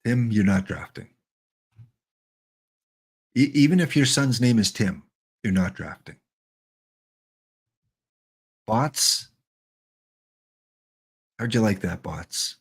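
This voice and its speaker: A middle-aged man giving chatty, joking live-stream commentary while playing a baseball sim, excited and wired on coffee. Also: fairly low pitch, takes it slowly, pauses often, husky. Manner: chatty, joking, talks to chat bots.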